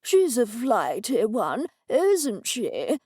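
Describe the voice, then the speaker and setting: A woman's voice: a little high, huge pitch swings, drawn-out words, dark tone, slightly rough, no room sound, studio quality, full character voice. A woman voicing a condescending male talking cat who is really a cursed ancient wizard. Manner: condescending, bossy.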